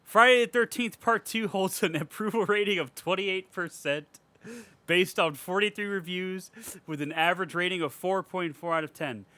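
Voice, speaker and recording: A man's voice: high voice, normal speed, sharp tone, no room sound. A man hosting a casual podcast chat, profane and ranting, often laughing as he reads out and mocks reviews. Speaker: podcast host.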